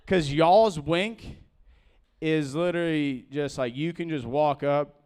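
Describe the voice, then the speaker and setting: A young man doing a rambling, halting open-mic stand-up set, full of fillers and restarts, laughing at his own jokes. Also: on the high side, a little mellow, clean tone. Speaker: stand-up comedian.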